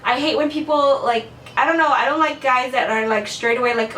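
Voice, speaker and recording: A high-voiced young woman chats to camera about her dating life, blunt and casual, with a lot of "like" and plenty of swearing. She sounds a little far from the mic in an echoey room with faint room noise. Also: brisk, a bit bright. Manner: chatty, blunt, swears freely, lots of "like". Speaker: vlogger.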